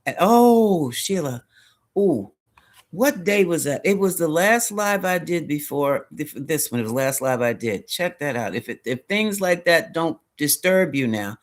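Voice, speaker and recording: A man hosting a spiritual live stream, chatting casually and rambling, often correcting himself and greeting viewers by name. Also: fairly high pitch.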